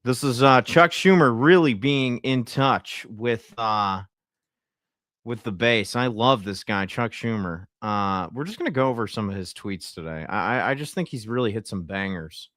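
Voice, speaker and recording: A tired man streaming political commentary, talking in deadpan sarcasm as a mock insider. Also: mid-range voice, normal speed, no room sound, studio quality.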